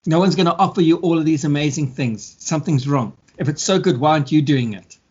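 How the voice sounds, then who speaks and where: Husky animated man, lo-fi sound. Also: a little high. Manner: animated storyteller, acts out scammers and victims in quick mock voices. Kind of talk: casual chat. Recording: dull lo-fi sound.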